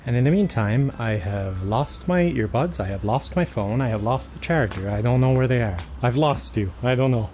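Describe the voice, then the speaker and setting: A young man vlogs casually into a phone camera at home, rambling, joking at his own expense and laughing often. His voice sits at a medium pitch for a man. Faint music plays underneath. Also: animated, normal speed, few pauses, a little mellow. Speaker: YouTuber. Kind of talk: casual vlog talk to camera. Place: at home, indoors and outdoors.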